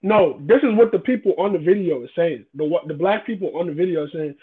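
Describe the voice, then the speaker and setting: A man's voice: on the high side, fast talker, few pauses. A man in a casual debate, emphatic and profane, often repeating himself. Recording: tinny phone-like sound.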